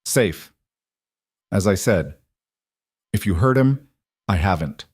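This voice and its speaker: A man's voice: deep voice, slow, slightly rough, no room sound, studio quality, exaggerated voice. A man reading as a cool, clipped mafia boss. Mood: cold. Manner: calm, clipped, matter-of-fact threats. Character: cold controlled male mafia boss.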